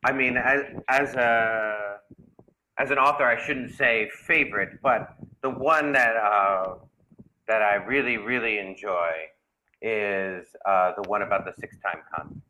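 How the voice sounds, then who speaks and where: A man's voice: on the low side, measured pace, bright, forceful tone, poor audio. A man from New York, a guest author, chatting casually over a call with many restarts and easy laughter. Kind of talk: casual podcast chat. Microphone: video call.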